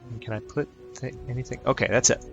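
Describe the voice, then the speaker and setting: A man's voice: mid-range voice, fairly even intonation, fast talker, gravelly, dull audio, soft background music. A man giving casual let's-play commentary, chatty and upbeat, thinking aloud with fillers as he plays. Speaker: gameplay commentator.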